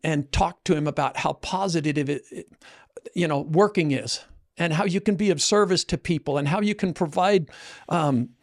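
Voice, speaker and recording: A man's voice: fairly high pitch, normal speed. A man in his sixties, hosting a casual chat and earnestly telling stories with many restarts. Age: 60s. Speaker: host, coach.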